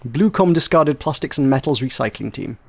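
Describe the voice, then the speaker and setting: A British man hosting a casual gaming podcast, jokey and rambling, quick to laugh. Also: mid-range voice, animated, husky. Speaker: podcast host.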